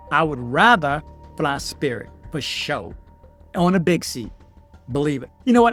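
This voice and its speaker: Animated man telling a travel story. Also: on the high side. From Washington, D.C. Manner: animated storytelling that swings to loud outbursts. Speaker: vlogger. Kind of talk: unscripted vlog storytelling.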